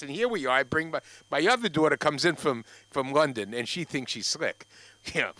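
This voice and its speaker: An older man performs stand-up at an open mic, spinning a long rambling story full of restarts and asides to the crowd. His voice sits a bit high for a man, bright and pushing. The sound is dry and close. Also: animated, moderate pace, no echo. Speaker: stand-up comic. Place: comedy club stage.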